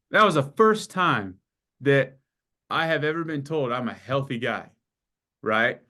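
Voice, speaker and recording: A man's voice: medium pitch, unhurried, long pauses. A man in his forties telling his story in a casual interview, swearing freely and acting out the people in it. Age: 40s. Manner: animated storyteller, acts out dialogue, swears freely. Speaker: client giving a testimonial.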